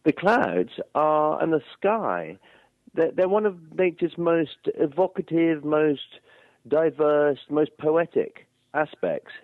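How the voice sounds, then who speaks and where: A man's voice: fairly high pitch, expressive, slow, no room sound. An English man from England, a guest author speaking thoughtfully and articulately in a phone interview. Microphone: phone line. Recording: tinny phone line.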